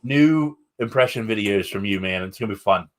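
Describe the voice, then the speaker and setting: A man's voice: on the low side, expressive, normal speed. A man hosting a casual interview podcast, talking candidly and rambling with enthusiasm. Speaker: podcast host.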